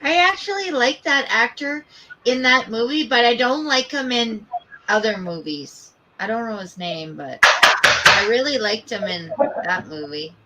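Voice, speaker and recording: A woman's voice: fairly high pitch, animated, unhurried, pushed and bright, poor audio. A woman keeping someone company off camera, chatting casually in an offhand, lightly teasing way. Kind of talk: casual chat. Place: home workshop.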